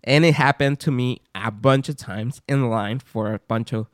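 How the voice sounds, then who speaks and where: A man co-hosting a podcast, telling rambling, animated stories in a casual chat and swearing now and then. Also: mid-range voice, moderate pace, no room sound, studio quality. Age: adult parent. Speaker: podcast co-host.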